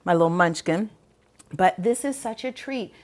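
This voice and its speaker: A woman's voice: lowish voice, animated, normal speed, darkish tone. An older woman hosting a cooking show, chatting enthusiastically as she demonstrates a recipe.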